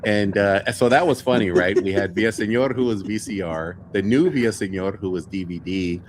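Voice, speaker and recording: Low-voiced dude hosting, easygoing, swears a bit, swaps stories. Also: male voice, fairly quick, slight background noise. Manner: laid-back, swearing, amused. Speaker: host. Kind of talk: casual storytelling chat.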